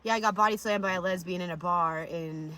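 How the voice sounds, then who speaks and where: A woman vlogger casually rambling through wild stories, profane and animated, with sudden loud bursts. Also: on the low side, fairly quick.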